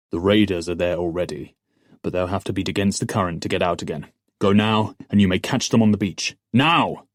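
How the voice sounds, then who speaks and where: A man voicing a prince who speaks calmly and with steady command. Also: low-pitched, no room sound, studio quality. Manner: calm, commanding. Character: calm, steady prince, a military leader.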